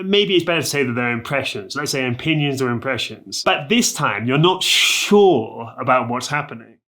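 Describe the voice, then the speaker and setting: Bright-voiced chatty male language teacher. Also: mid-range voice. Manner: chatty, upbeat, lots of filler "like" and "guys". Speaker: Spanish teacher. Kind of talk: casual video lesson.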